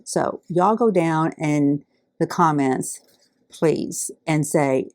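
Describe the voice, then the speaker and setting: A middle-aged woman, warmly unboxing donated fabric in heartfelt, awed casual chat. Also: low-pitched, slow, no room sound, studio quality. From Alabama. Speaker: quilting channel host.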